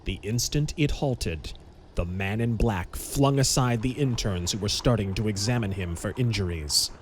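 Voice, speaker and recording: A man narrating a pulp audiobook in a measured, dramatic storytelling manner. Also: lowish voice, slight background noise.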